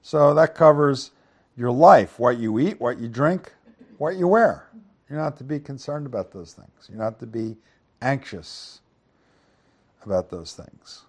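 A man's voice: lively intonation, unhurried. A man teaching through Bible verses, reading scripture aloud and then explaining it in an easygoing, conversational way, often checking in with the listeners. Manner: reads scripture louder, then explains in a low conversational aside; asks the listeners "right?" and "okay?". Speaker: preacher.

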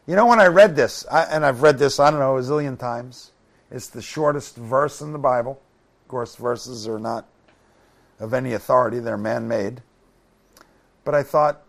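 A man's voice: mid-range voice, normal speed, gravelly. A man giving a Bible study sermon, reading scripture aloud and breaking off with folksy asides. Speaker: preacher.

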